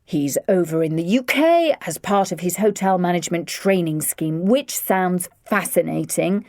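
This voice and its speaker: A woman's voice: on the low side, animated, normal speed, darkish tone, no room sound, studio quality. A woman voicing an exasperated middle-aged father who speaks in clipped, firm tones. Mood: stern.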